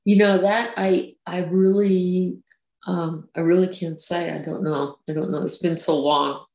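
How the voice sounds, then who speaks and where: Woman guest talking flat and halting, lots of ums, echoey room. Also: lowish voice. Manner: hesitant, many restarts and fillers. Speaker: interview guest. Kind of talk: casual recounting of personal experiences. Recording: roomy echo.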